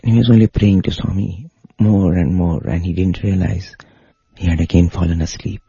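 A man's voice: sits low, steady tone, moderate pace, vocal fry, warm tone, husky, no room sound. A man narrating a devotional story in an earnest manner, heard through a dull, lo-fi recording. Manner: earnest, rising to emotional intensity in retold pleas.

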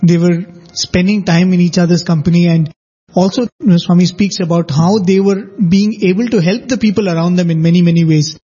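A man's voice: sits high, steady tone, fairly quick, dark tone, slightly rough. A man in a spiritual discussion, telling anecdotes in a conversational way with many "you know"s. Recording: dull lo-fi recording.

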